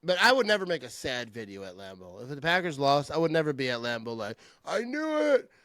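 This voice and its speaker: A middle-aged man hosting a casual sports chat, animated and trash-talking, laughing often. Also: mid-range voice, fast talker, no echo. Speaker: podcast host.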